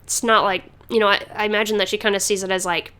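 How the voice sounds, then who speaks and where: A woman's voice: mid-range voice, level tone, fast, bright, forceful tone, smooth. A woman hosting a podcast in casual chat, rambling with many fillers and restarts and laughing often. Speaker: podcast host.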